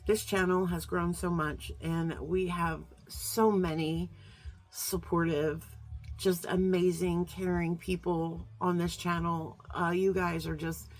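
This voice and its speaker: A woman's voice: lowish voice, flat delivery, slow pace. A middle-aged woman vlogging in a casual, heartfelt chat to her viewers, rambling with lots of fillers and restarts and getting slightly emotional. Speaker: beauty vlogger.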